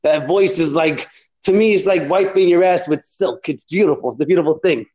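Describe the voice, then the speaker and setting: Guy putting on a cocky jersey tough guy voice, cursing and rambling on a prank call, kinda high. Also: brisk, a little mellow, natural voice. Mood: swaggering. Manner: boastful, crude, rambling with fillers. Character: brash short-tempered Jersey Italian guy, adult man. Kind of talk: comedic phone prank call.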